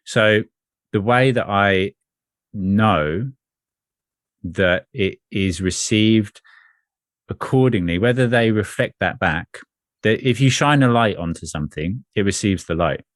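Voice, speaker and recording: A man speaking as an energy coach in a spiritual conversation, earnest and measured, often repeating phrases. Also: lowish voice, no room sound, studio quality.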